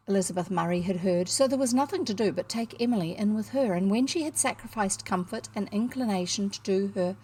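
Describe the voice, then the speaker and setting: A woman's voice: mid-range voice, a little mellow, husky. A woman with a New Zealand accent reading a classic novel aloud, now and then adding wry asides. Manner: adds wry asides to the narration. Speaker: audiobook reader.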